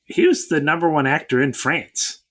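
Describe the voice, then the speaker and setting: A man's voice: fairly high pitch, moderate pace, fairly bright tone. A man co-hosting a casual podcast, reacting wryly and wrapping up the show. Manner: wry, exaggerated reactions. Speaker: podcast co-host. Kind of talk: casual chat.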